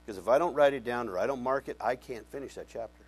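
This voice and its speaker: Pastor, male, mid-pitched voice, animated and folksy Bible teacher who quizzes his congregation. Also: fast, slightly rough. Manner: animated, asks the congregation questions; conversational, folksy.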